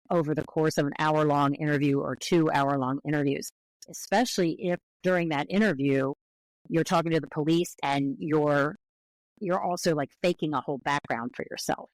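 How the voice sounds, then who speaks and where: An American woman linguist, a podcast guest, explaining patiently and carefully with clear qualifications. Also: low-pitched, fairly even intonation, moderate pace, dry recording, poor audio. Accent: American English.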